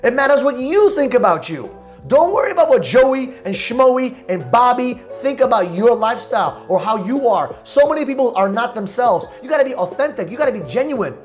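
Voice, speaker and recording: A man hosting a motivational podcast, talking in a loud, emphatic, preachy way about energy and confidence. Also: very high voice, big pitch swings, brisk, soft background music. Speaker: podcast host.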